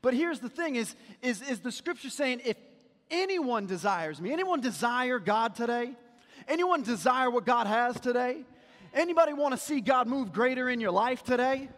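A man preaching a sermon as a pastor, talking to the congregation in a conversational way and dropping to a quiet storytelling voice for anecdotes. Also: extremely high pitch, expressive, normal speed, big-room sound. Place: church sanctuary.

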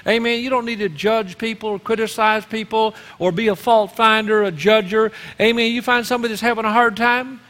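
A male pastor preaching at a church service, calling on the congregation to answer back. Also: high voice. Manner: lively call-and-response preaching. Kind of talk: sermon. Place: church sanctuary. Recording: long reverb of a church hall.

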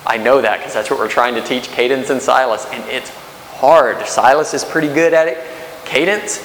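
A man's voice: medium pitch, moderate pace, fairly bright tone. A man in his thirties preaching a sermon as pastor, conversational, with rhetorical questions and restarts. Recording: echoey hall with faint hiss.

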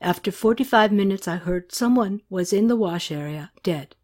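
A woman reading a novel aloud, voicing a soft-spoken male aid worker who talks in a formal, grave way. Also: mid-range voice, animated, normal speed, lightly acted. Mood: somber. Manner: quiet, plain and formal.

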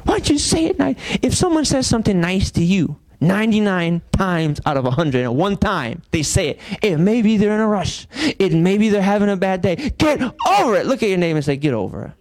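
A man's voice: high-pitched, animated, brisk, few pauses. A man, preaching a sermon as pastor and throwing rhetorical questions at his congregation. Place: church sanctuary.

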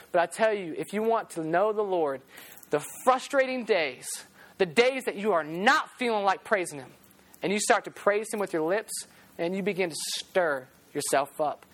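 A preacher delivers an animated, story-driven sermon at a medium pitch, repeating phrases for emphasis and occasionally breaking into song.

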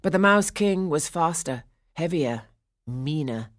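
A woman narrating a children's storybook, hushed in quiet passages and rising for the dramatic ones. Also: deep voice, expressive, measured pace, no echo, clean studio sound. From England. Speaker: audiobook narrator.

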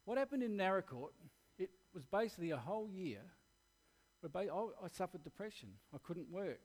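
An Australian man delivering a sermon to his church, earnest and candid as he shares his own story. His voice sits a touch higher than most men's, and he speaks plainly and directly. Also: sing-song, brisk. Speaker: preacher.

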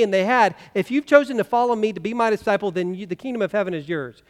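A man's voice: sits high, fast, few pauses. A man preaching a sermon as pastor, talking conversationally and asking the congregation rhetorical questions. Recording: long reverb of a church hall.

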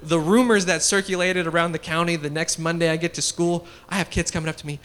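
A man's voice: on the high side, steady tone, fast, hardly any pauses, fairly bright tone. A young man giving a casual, story-driven sermon, chatty and laughing as he talks. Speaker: guest speaker.

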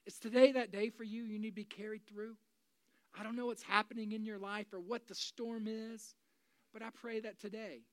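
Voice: mid-range voice, no echo. Forty-something pastor preaching with big dynamic swings. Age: 40s. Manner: swings between loud preaching and hushed, confiding talk. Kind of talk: sermon. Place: church.

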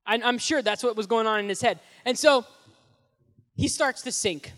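A young man preaching as a youth pastor, telling the story in an animated, casual way with slang, swinging between loud and hushed, in a large hall. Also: very high-pitched, moderate pace. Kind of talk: sermon. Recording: long echoey hall reverb.

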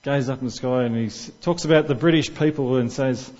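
A man's voice: medium pitch, a little fast, a little mellow, muffled recording. Man preaching a conversational sermon. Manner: conversational, asks the congregation questions.

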